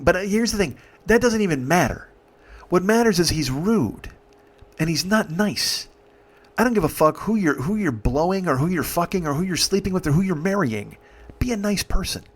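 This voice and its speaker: A man in his forties, a comedian, telling a rambling, profane, exasperated comic story. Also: a little high. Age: 40s. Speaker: comedian host.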